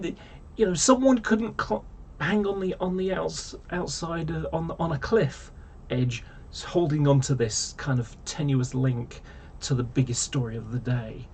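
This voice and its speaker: A man's voice: sits high, darkish tone, breathy edge. Rambling, exasperated man. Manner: rambling and exasperated, with many fillers and restarts. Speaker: vlogger. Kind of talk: casual rant to camera.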